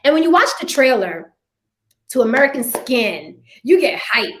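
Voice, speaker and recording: A woman hosts a casual live film review chat. Her voice sits high, and she talks in an animated way, often slipping into quoted voices to act out scenes. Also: normal speed, a little hiss or hum. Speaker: host.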